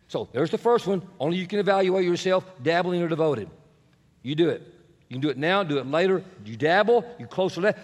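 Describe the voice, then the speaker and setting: A man preaching a sermon as pastor, animated and asking the congregation questions, sometimes rising to shouts. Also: high-pitched, a little fast. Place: church sanctuary. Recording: long church reverb.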